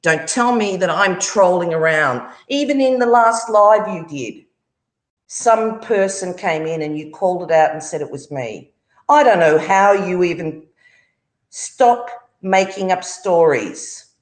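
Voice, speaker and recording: A woman's voice: fairly low pitch, expressive, measured pace, roomy sound. A woman, hosting a livestream and angrily confronting someone, swearing often. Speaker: livestream host. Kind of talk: angry livestream rant.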